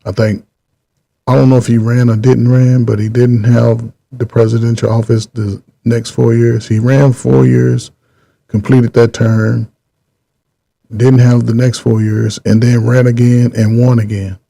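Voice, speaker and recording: Gravelly, dark-voiced man rambling on. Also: medium pitch, flat delivery. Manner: rambling, repeats himself, drawn-out pauses. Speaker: channel host. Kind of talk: casual political commentary.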